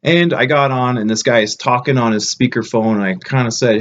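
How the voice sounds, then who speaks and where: A man's voice: mid-range voice, brisk, dull audio. A man talking casually to camera as a travel vlogger, blunt and ranting with plenty of swearing. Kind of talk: casual vlog chat to camera.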